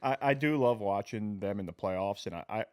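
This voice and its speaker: Low-voiced young man, dry sound. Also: brisk, no room sound. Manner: relaxed, hedging, lots of fillers. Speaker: podcast co-host. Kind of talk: casual sports chat.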